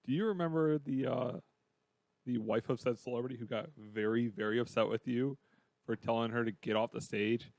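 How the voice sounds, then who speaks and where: A man hosting a podcast, telling a wry story in casual chat with quick asides. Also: mid-range voice, steady tone, gravelly, darkish tone, no echo, muffled recording.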